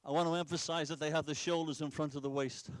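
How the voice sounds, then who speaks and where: A man's voice: on the high side, fairly even intonation, fast talker, no room sound. A middle-aged man from Britain, a soccer coach calling out instructions during a drill demonstration. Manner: directive, instructive, calls out drills.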